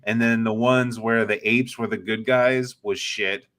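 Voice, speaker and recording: A man's voice: fairly low pitch, fairly even intonation, measured pace, a bit bright. A man co-hosting a casual podcast chat, laid-back and blunt, swearing freely. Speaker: podcast co-host.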